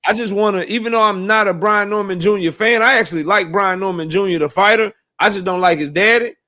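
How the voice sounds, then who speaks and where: A man's voice: sits high, fast, sharp tone. A man giving emphatic, slangy opinions on boxing in a casual debate. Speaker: boxing commentator.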